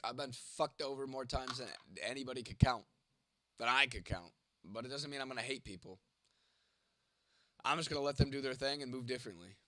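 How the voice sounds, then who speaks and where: A man's voice: medium pitch, fairly quick, pushed and bright. A man hosting a casual live stream. He talks straight to his viewers, swears often and rambles from one thought to the next. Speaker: livestream host reading chat.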